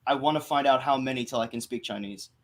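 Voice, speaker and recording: A man, a podcast guest, telling comic anecdotes in an animated, joking way. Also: medium pitch, fast talker.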